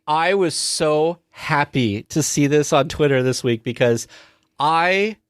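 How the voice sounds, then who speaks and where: A man co-hosting a podcast in casual chat, enthusiastic and quick to laugh. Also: a little high, noisy background. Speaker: podcast co-host.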